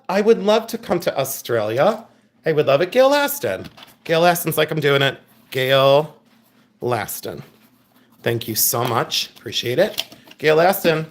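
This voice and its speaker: A man's voice: on the high side, a bit bright. A man hosting a live online jewelry sale, chatty and playful, often laughing and greeting viewers by name. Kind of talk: live online sales stream.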